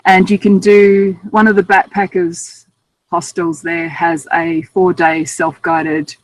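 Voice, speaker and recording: A woman's voice: on the low side, level tone, takes it slowly, rough recording. A woman with an Australian accent, a guest author telling travel stories in a chatty, self-amused way. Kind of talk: casual interview storytelling.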